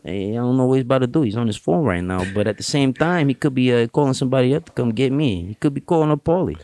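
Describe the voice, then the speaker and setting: A man putting on a streetwise New York tough-guy voice, talking fast in paranoid mob patter. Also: fairly low pitch, big pitch swings, a little mellow, dry recording. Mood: suspicious.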